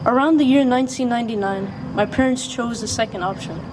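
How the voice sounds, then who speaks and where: Higher-pitched teenage young woman in a noisy recording. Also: brisk. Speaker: graduating student speaker. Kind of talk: prepared speech.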